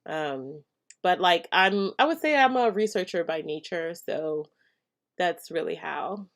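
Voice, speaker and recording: A woman's voice: on the low side, animated, a little slow, a bit bright. Chatty woman hosting a live chat. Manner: chatty and laughing, with frequent fillers and restarts. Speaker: live stream host answering chat questions.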